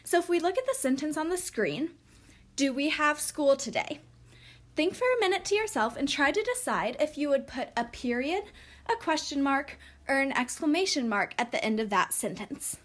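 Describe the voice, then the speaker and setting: A woman teaching a recorded lesson, speaking slowly and clearly for young children. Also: high-pitched, sing-song.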